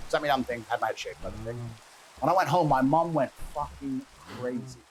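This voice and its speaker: Fast-talking man telling a story. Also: medium pitch, slight background noise, rough recording. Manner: fast, casual, profane storytelling. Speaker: interview guest. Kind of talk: storytelling in an interview.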